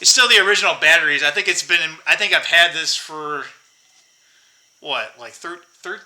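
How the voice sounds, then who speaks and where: A man's voice: fairly high pitch, normal speed, bright, forceful tone, rough recording. A man in his fifties rambling bitterly to his viewers in a casual monologue, swearing and laughing to himself. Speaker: vlogger.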